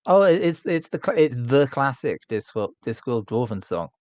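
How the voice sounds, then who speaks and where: A man's voice: medium pitch, big pitch swings, moderate pace, a little mellow, no room sound. A man chatting on a gaming stream, eagerly explaining book lore at length. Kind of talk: casual chat on a gaming stream. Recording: dry, dull lo-fi mic.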